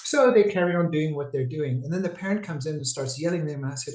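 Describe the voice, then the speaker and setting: A man's voice: fairly high pitch, quick pace, few pauses, darkish tone, echoey room, low-quality recording. A man, a psychiatrist, giving a conversational webinar talk over a video call, digressive and full of restarts. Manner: talkative, digressive, with frequent restarts.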